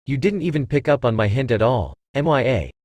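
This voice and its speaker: A man's voice: medium pitch, sing-song, a little fast, a little mellow, dry recording. A man voicing a playful, flirtatious female cat-demon who teases and purrs. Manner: purring, teasing.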